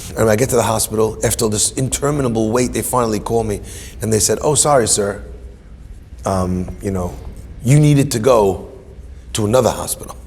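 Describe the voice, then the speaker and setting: A man's voice: on the low side, brisk, slightly rough, long reverb tail. A man, a rabbi, telling a personal story in sermon style and acting out the dialogue. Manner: animated, acts out dialogue in quotes.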